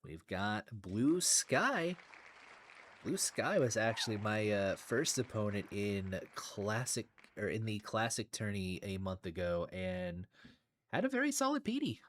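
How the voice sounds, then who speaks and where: A man's voice: fairly low pitch, sing-song, unhurried, fairly bright tone. Laid-back man casting a tournament stream. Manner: laid-back, laughs often, announces matchups. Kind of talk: casual stream commentary.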